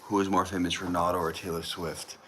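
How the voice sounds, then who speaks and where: A man's voice: low voice, level tone, brisk, pushed and bright. A young man hosts a casual livestream from home. He reads viewer comments aloud, banters with them and often repeats his phrases. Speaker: livestream host. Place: indoors at home with a TV on.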